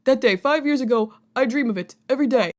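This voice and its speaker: Game dub: dopey male prisoner, broken English, pitched up and loud woman voicing. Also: close to an everyday voice. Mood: pleading. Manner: slow, blunt broken English.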